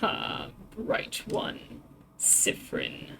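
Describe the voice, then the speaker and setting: A woman voicing a cruel male king villain in a video game, threatening in a slow, hushed whisper. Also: faint music behind, rough recording. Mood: menacing.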